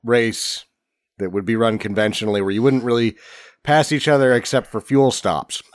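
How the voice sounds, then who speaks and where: A man co-hosting a casual podcast, cracking deadpan jokes about a movie. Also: medium pitch, moderate pace, no room sound, studio quality. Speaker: podcast co-host. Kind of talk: casual comedic chat.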